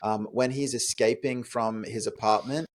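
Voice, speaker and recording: Animated man riffing on a movie. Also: mid-range voice, normal speed, a little hiss or hum. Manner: animated, rhetorical, thinks aloud with fillers. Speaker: podcast co-host. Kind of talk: casual movie review chat.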